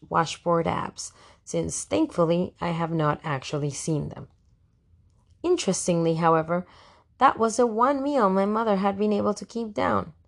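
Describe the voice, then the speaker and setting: Woman reading a diary-style audiobook, lowish voice with some vocal fry, dry fussy teen attitude. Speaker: audiobook narrator. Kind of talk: first-person diary narration.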